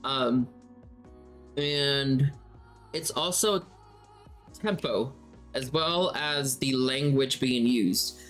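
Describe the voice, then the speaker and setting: Male game master teacher, middle-pitched, casual unscripted lesson style, self-correcting, faint guitar underneath. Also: measured pace, pushed and bright. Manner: conversational, thinks aloud and rephrases mid-sentence. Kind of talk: casual spoken lesson answering questions.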